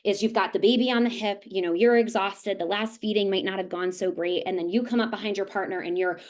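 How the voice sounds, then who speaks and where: A woman in her thirties giving an online presentation in a friendly, chatty way. She keeps tagging her points with quick questions to the audience. Her pitch sits in an ordinary middle range. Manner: conversational, with frequent "right?" tags and animated acted-out asides. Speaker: nurse and lactation consultant presenter. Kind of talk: webinar presentation.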